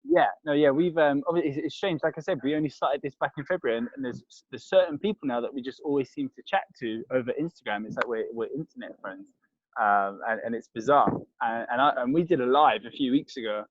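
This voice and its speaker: A man's voice: medium pitch, quick pace, no room sound. Chatty London man on a dull, dry line. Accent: London English. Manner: rambling, many restarts and fillers. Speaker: podcast guest, crisp reviewer. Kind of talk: casual chat.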